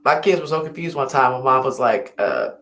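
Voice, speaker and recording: A woman's voice: extremely low pitch, expressive, a little fast, fairly bright tone. Lady rambling on a late night stream, sleepy, laughing, voice bouncing all over, echoey room. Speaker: livestream host. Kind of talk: late-night casual chat. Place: home at night, indoors. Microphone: laptop or phone mic.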